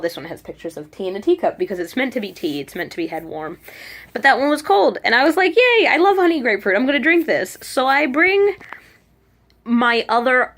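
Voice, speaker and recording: Woman vlogger rambling thru a story to her camera, lots of "like", acts out what she said. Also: mid-range voice. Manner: chatty, animated quoting of herself. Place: abroad in Korea, at home. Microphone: handheld camera.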